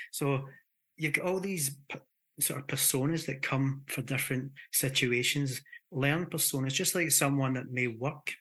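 A man with a Scottish accent, a hypnotherapist guest explaining his ideas in an animated, conversational way. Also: medium pitch, a little fast. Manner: animated, explains with acted examples and restarts.

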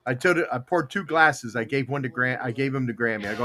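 A man's voice: mid-range voice, fast talker, hardly any pauses, bright, forceful tone, soft background music. A man hosting a casual podcast, telling stories animatedly in the studio and laughing often. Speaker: podcast host. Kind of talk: casual chat, storytelling.

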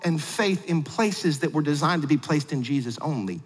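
High-pitched pastor guy telling a story in his sermon, swings loud and quiet, joking, big echoey church. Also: expressive, moderate pace, breathy edge. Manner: humorous asides. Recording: long hall reverb.

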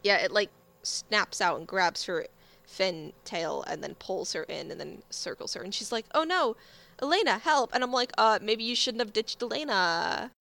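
A young woman chatting casually, quickly retelling scenes and acting out the lines. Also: medium pitch, vocal fry, pushed and bright. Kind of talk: casual recap chat.

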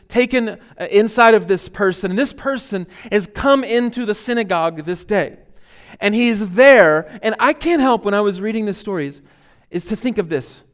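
A man preaching a sermon as pastor, earnest and emphatic, building to loud peaks and then dropping to quiet reflection. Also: high voice.

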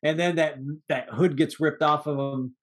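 A man co-hosts a podcast, chatting casually and rambling about an old movie in a sort of loose review. His voice is on the high side at a moderate pace, animated, with casual cursing now and then.

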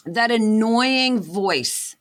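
A woman's voice: on the high side, lively intonation, drawn-out words, fairly bright tone. A woman guest in an interview, talking earnestly about her path as an inventor and motivational speaker. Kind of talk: candid interview talk.

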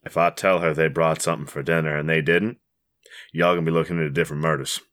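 A man voicing a gruff, henpecked husband who grumbles in a low voice. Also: level tone, quick pace, a bit bright. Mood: grumbling.

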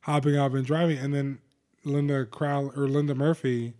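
A man co-hosting a podcast, telling stories in a casual, animated and profane way with quick asides. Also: medium pitch. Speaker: podcast co-host. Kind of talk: casual chat.

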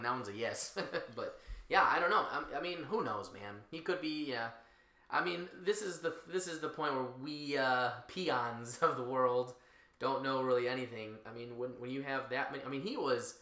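A man's voice: mid-range voice, moderate pace, pushed and bright. A man, co-hosting casually, joking and laughing often between restarts. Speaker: podcast co-host. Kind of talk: casual banter. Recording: echoey room.

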